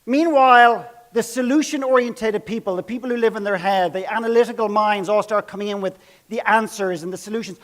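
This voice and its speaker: A man telling a story from a workshop, acting out the people's lines and dropping to hushed tones. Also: sits high. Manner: dramatic, acts out quotes, drops to hushed tones. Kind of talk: storytelling talk.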